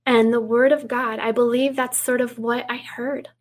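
A woman guest speaking earnestly in an interview, reading scripture aloud and dropping to a hush for quoted words. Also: on the high side, level tone, moderate pace. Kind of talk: preaching in an interview.

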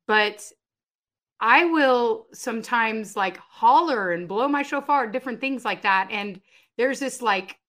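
A middle-aged woman, a guest on a faith interview show, telling her story in an emphatic, animated way with sudden loud bursts. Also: on the high side, a little slow. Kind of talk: conversational testimony.

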